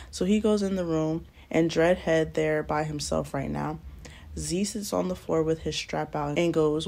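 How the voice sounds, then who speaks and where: Young woman vlogger, low and fry-heavy, slangy and blunt storyteller. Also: dark tone. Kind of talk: casual storytime narration. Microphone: close mic, doing nails on camera.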